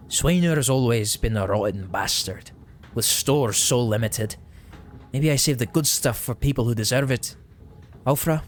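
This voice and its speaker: A man's voice: medium pitch, a little hiss or hum, lightly acted. A man reading game dialogue aloud, voicing a nervous, defensive middle-aged male elf miller in a clumsy put-on Irish or Scottish accent.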